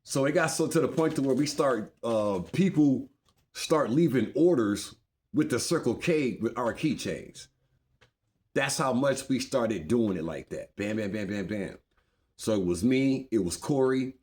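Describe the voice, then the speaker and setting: A man telling a casual street story in a loose, rambling way. His voice sits at an ordinary middle pitch, and he leans on slang and repeats phrases to keep a rhythm going. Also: a little mellow. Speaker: storyteller recounting his past.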